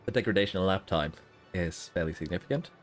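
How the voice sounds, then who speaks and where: A man with a very low voice chats casually to his stream viewers, rambling and restarting his sentences as he thinks aloud. He is trying to hold in hiccups. Soft music plays faintly behind him. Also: quick pace. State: hiccuping and holding them in. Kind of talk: casual live-stream commentary.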